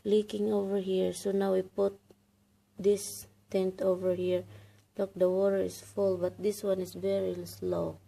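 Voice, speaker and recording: A woman's voice: medium pitch, level tone, measured pace, creaky, mellow, poor audio. A Filipino woman vlogging from her house, chatty and laughing at herself with many exclamations. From Philippines. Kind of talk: casual home vlog. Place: inside a house being painted.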